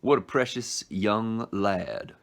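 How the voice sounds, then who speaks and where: A man putting on a sly greedy ferryman of the dead. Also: lowish voice. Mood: mocking. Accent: put-on British. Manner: slow, smooth and mocking.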